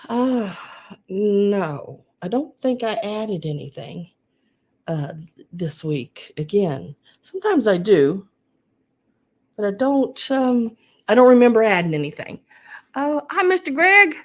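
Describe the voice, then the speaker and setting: A woman's voice: mid-range voice, lively intonation, takes it slowly, a little mellow. A woman with a Southern US accent hosting a live vintage sale stream, chatting casually and greeting viewers by name. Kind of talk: casual livestream chat.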